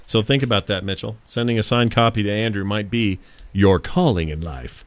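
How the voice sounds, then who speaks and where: A man's voice: on the low side, normal speed, no echo. A man hosting a casual podcast, joking around and laughing with his co-hosts. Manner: jokey, laughs often. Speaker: host.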